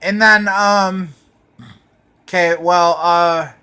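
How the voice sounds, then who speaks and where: Slow, rambling, profane man. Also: high voice, steady tone, bright, forceful tone, smooth. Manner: profane, meandering, many fillers. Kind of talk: rambling personal storytelling.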